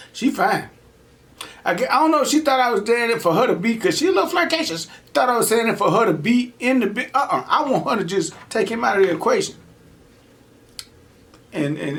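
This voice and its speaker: A man's voice: sits high, creaky. A man hosting a mukbang, casually telling stories while he eats and acting out the people he quotes, in slangy, laid-back street talk. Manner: animated, emphatic, acts out the people he quotes. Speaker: mukbang host. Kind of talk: casual storytelling while eating on camera.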